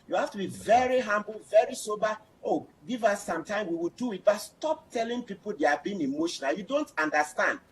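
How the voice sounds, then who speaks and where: A man's voice: high-pitched, breathy edge, low-quality recording. A man, a panel guest who lectures insistently and talks over others in a heated debate.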